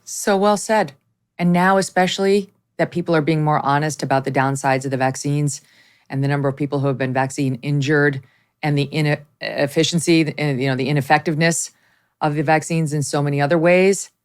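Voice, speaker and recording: A woman's voice: low voice, steady tone, brisk, smooth. A woman hosting an interview, responding with sympathy and emphasis. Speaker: host.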